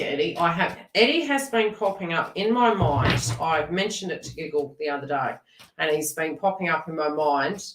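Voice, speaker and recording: A woman's voice: low-pitched, recorded from a distance, slight background noise. Chatty woman giving a tarot reading. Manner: chatty, animated, laughs often and talks to viewers in chat. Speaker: tarot reader. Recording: echoey room, away from the mic.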